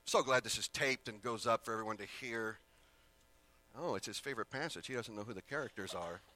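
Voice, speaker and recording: A man's voice: on the low side, fairly quick, pushed and bright. A male preacher giving a sermon in a casual way, with rambling asides and self-corrections.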